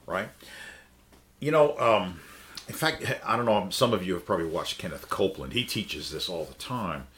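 A man preaching in a conversational sermon, pressing his listeners with one rhetorical question after another. His voice sits fairly low but sounds bright, and it swings widely in pitch. He takes his time, leaning hard on key words. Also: animated, moderate pace. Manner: emphatic, asks the listeners many rhetorical questions. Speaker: Bible teacher.

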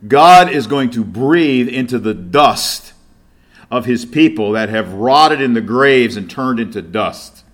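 A man's voice: mid-range voice, expressive, takes it slowly. A middle-aged man preaching a sermon, reading scripture aloud with emphasis and asking rhetorical questions.

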